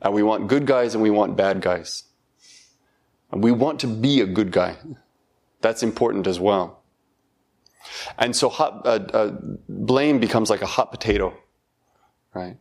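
A middle-aged man giving a reflective talk, thoughtful and halting, with self-deprecating laughs. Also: on the low side, vocal fry, darkish tone. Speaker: dharma talk speaker.

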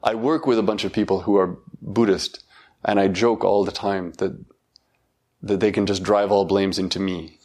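Middle-aged guy, lowish voice, reflective talk, halting and thoughtful, laughs at himself. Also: steady tone, a little mellow. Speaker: dharma talk speaker.

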